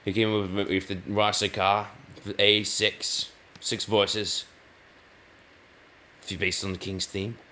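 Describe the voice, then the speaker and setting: Rambling man, bright voice. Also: fairly low pitch, level tone, slow pace, long pauses. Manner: rambling, self-correcting. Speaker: gaming video host. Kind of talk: rambling commentary over gameplay.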